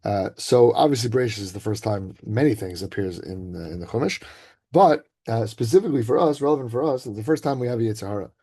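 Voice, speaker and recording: A man giving an informal Torah talk to students over a video call, chatty and conversational, often checking in with a quick "right?". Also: mid-range voice, dark tone. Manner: casual, conversational, keeps asking "right?".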